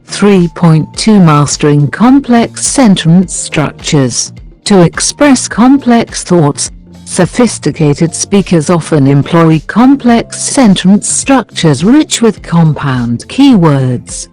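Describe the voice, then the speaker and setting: Slow, mellow scripted lesson narrator. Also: medium pitch, faint music behind, rough recording. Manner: reads numbered points and example sentences in a measured, even way. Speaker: English teacher.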